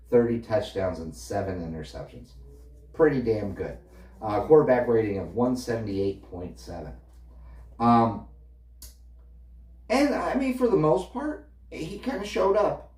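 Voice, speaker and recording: A man's voice: fairly low pitch, a little mellow. A man ranting about football in a casual, opinionated and dismissive way, reeling off stats. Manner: opinionated, dismissive, stat-heavy. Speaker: sports fan ranting. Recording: echoey room, a little far from the mic.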